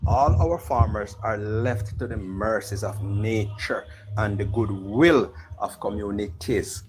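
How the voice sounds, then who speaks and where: A man's voice: on the low side, slow, a little mellow, low-quality recording. A man with a Jamaican accent making his case in a heated political debate, firm and methodical, listing facts and holding his ground. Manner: firm, lists places and facts, talks over interruptions. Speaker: political commentator.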